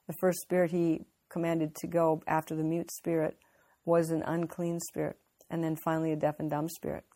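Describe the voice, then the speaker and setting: A woman preaches in a conversational, earnest way, working through scripture off the cuff. Her voice sits on the lower side for a woman. She stops and restarts as she thinks aloud. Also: vocal fry, darkish tone. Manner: unscripted, with frequent fillers and restarts, earnest. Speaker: Bible teacher. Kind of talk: conversational sermon.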